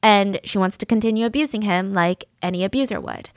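A woman's voice: medium pitch, a little fast, dry recording. Casual woman narrating true crime, dry sound. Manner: conversational, opinionated, uses fillers like "so" and "like".

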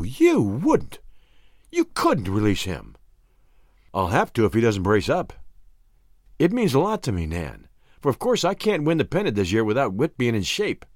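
Expressive man narrating, very lively pitch. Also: dry recording, studio quality. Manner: expressive storytelling with wide pitch swings. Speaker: audiobook narrator. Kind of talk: first-person scripted narration.

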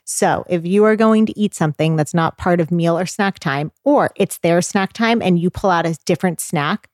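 A woman in her thirties talking as a guest, explaining child feeding in an earnest, animated way. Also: fairly low pitch, dry recording, studio quality. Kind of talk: casual advice chat.

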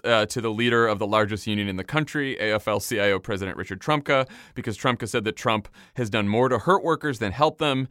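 A man's voice: medium pitch, bright, forceful tone, no room sound, studio quality. A man hosting a casual political chat podcast, indignant, sarcastic and profane. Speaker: podcast host.

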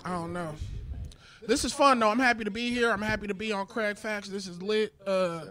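A man in his thirties doing a casual, joking stand-up set with a light, high voice. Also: fairly quick, sharp tone. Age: 30s. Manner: high light voice, loose and joking, swears a lot. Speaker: stand-up comedian. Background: small crowd laughing.

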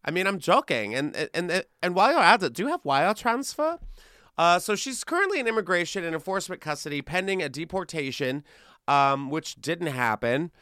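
Lively bright-voiced sarcastic man. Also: fairly high pitch, a little fast, clear, resonant tone, no echo, studio quality. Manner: sarcastic, laughing, mocking voices. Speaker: podcast host. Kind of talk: casual comedic news chat.

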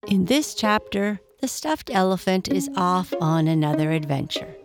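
A woman narrating a bedtime story in a slow, gentle, soft-spoken way. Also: fairly low pitch, expressive, soft background music.

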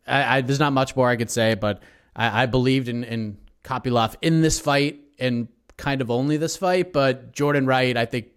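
A man co-hosting a podcast, talking about fighters in a relaxed, easygoing way. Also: medium pitch, moderate pace, clean tone. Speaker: podcast co-host. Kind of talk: casual sports chat.

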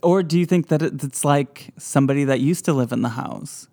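A host with a voice in the middle pitch range asks curious follow-up questions in a casual interview. The delivery is reactive and conversational. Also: fairly quick, warm tone.

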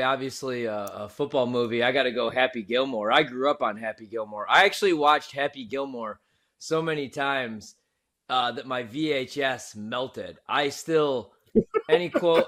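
An opinionated man co-hosting a sports betting show, with an average-pitched voice. He talks in casual slang and makes emphatic calls. His delivery is loose and conversational. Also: normal speed, a bit bright.

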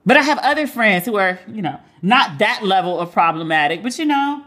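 A woman talks straight to her audience in an unscripted commentary, blunt and profane. She retells what people said with animated acted-out voices, in a voice of ordinary middle pitch. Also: fairly quick. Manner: candid, profane, animated storytelling; acts out other people's voices while retelling. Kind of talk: casual commentary monologue.

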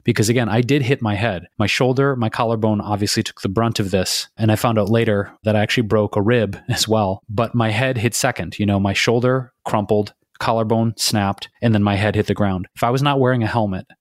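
A man's voice: fairly low pitch, fairly even intonation, a little fast, hardly any pauses, no room sound, studio quality. A man from Michigan telling a personal story on a podcast, candid and emotional, swearing often. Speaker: podcast co-host. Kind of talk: casual podcast conversation.

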